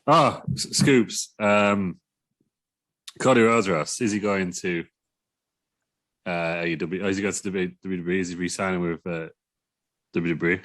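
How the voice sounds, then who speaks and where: A man with a very low voice co-hosts a relaxed chat show. He rambles and jokes, drifting through his points. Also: moderate pace, pauses often. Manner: rambling and jokey. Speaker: co-host, news scoops. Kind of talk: casual chat.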